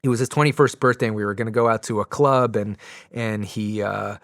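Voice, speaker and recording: Low-voiced man telling a story, dry sound. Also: fairly even intonation, fairly quick, fairly bright tone, no echo. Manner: rambling, many fillers and restarts. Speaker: podcast guest. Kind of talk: casual storytelling.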